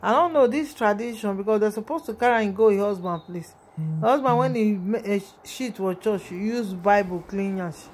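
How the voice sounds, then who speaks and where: A woman's voice: mid-range voice, normal speed, a little mellow. A woman with a Nigerian accent giving an emotional, rambling vlog commentary on a video, often calling out to her viewers.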